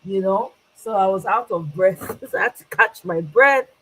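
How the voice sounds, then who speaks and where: A woman's voice: mid-range voice, moderate pace, a bit bright, a little hiss or hum, poor audio. A Nigerian woman hosting a casual livestream, greeting viewers by name and switching between English and Pidgin with frequent laughs. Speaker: livestream host.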